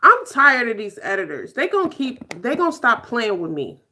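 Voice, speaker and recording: A woman's voice: a little high, normal speed. A woman hosting a casual live stream, reacting to a show and answering viewers by name. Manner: animated, laughing, reading viewer names aloud.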